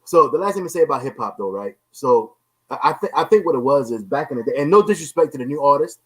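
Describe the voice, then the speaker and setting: A man's voice: a little high, expressive, quick pace, poor audio. A man hosting a casual podcast chat, emphatic, who keeps checking in with his listeners as he talks. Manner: emphatic, keeps repeating "you know what I'm saying". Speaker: podcast host.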